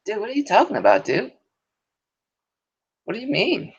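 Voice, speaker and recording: A man doing a squeaky, indignant white dude. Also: huge pitch swings, normal speed, breathy edge, full character voice. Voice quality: high and squeaky. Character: whiny young white guy, indignant. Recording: dull lo-fi audio.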